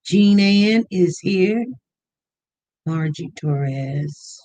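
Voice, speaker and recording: Unhurried livestream host greeting viewers. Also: medium pitch, a little mellow. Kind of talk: casual live-stream chat greeting viewers.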